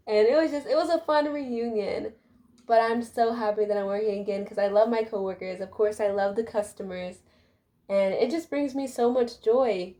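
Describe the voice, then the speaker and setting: A woman's voice: mid-range voice, moderate pace, warm tone. A young adult woman giving a casual, heartfelt life update to her viewers while doing her hair, talking chattily with many fillers. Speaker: vlogger.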